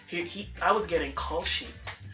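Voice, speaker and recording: A woman telling a personal story in a casual, animated way, acting out the dialogue and laughing often. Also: fairly low pitch, moderate pace. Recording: echoey room with faint music.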